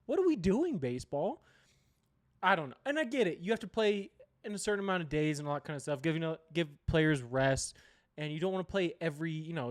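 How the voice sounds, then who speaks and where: A young man hosting a sports show, giving rambling, opinionated and profane picks in casual chat. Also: a little high. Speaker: sports podcast host.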